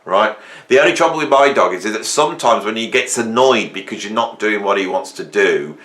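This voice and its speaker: Bright-voiced man telling funny stories. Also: on the low side, fairly quick. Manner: rambling, humorous, animated storytelling. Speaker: host. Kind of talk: casual monologue. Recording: roomy echo.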